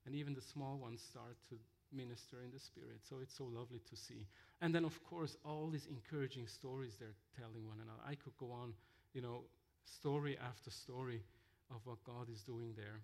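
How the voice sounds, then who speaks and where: A man telling mission stories in a sermon, halting with fillers and restarts. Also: mid-range voice, steady tone, gravelly, a little mellow. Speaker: missionary speaker. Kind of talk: sermon-style storytelling.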